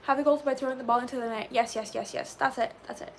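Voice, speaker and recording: A woman in her twenties chatting casually with live viewers and answering them as she reads chat, animated and peppered with "like". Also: a little high, fast talker. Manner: chatty and animated, says "like" often. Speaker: livestreamer reading chat.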